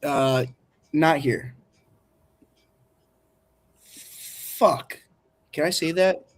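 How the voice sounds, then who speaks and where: A man co-hosts a casual podcast and runs the soundboard. His voice sits a little high, and his talk is loose and joking, with casual swearing. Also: normal speed.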